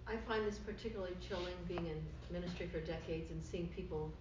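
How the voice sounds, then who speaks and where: Low-voiced woman speaking from across the room. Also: quick pace, a little mellow. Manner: serious, reflective. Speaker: ministry worker in a Bible study group. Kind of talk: group discussion. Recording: distant, roomy, muffled recording with noise.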